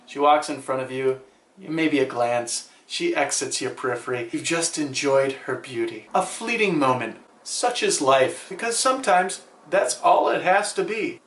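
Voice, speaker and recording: A man with a fairly high voice talks straight to camera in a playful, sarcastic, somewhat preachy way. His voice carries a roomy echo, as if he is in a bare room. He sounds like a vlogger handing out advice. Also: fairly bright tone. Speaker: vlog host.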